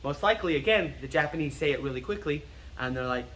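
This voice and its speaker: A slightly high, forceful American man teaching in a casual, explanatory way, repeating words over and over to drill them. He is nerdy and keen on the details, and faint room noise sits behind his voice. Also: animated, fast talker. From United States. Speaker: martial arts instructor. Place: martial arts school.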